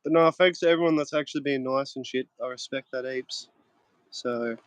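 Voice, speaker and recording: A man's voice: mid-range voice, a little fast, clear, resonant tone, no echo, poor audio. A man in his thirties from Australia with an Australian accent, chatting brashly on a livestream with plenty of slang and swearing. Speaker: guest streamer. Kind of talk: casual livestream chat.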